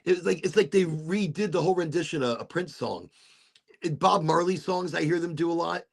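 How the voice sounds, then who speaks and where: A man's voice: fairly high pitch, brisk, gravelly, breathy edge. A man hosting a casual chat, telling rambling stories and laughing often. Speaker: podcast host.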